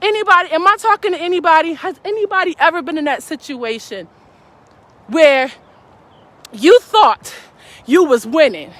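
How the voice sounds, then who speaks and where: A woman's voice: very high voice, normal speed, pauses often, fairly bright tone. A woman giving a fervent, preaching-style live stream talk, calling out to her audience as a faith speaker.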